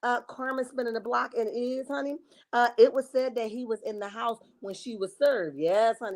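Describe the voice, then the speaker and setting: A woman's voice: a little high, normal speed, a little mellow. A woman hosting a casual gossip livestream, reading viewer comments aloud and calling her viewers honey and baby. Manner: reenacts dramatic quotes. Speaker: livestream host reading chat.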